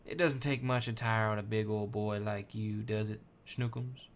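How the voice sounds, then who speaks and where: A man voicing a fussy, doting elderly woman who coos and speaks slowly and sweetly. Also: on the low side, steady tone, slight background noise, natural voice. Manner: sweet, fussing, slow and cooing.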